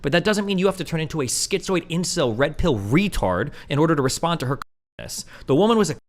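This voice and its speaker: Fast, animated, profane ranting man. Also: a little high. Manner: blunt, profane, heated ranting; mocking put-on voices when quoting others. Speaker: streamer. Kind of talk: livestream rant to chat.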